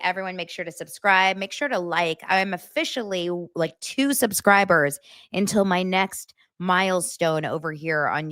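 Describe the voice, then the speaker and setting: A woman hosting a casual pop-culture vlog, gossipy and animated, often repeating herself. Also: fairly low pitch, clear, resonant tone, no room sound, studio quality. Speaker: pop culture vlogger host. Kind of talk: casual chatty vlog monologue.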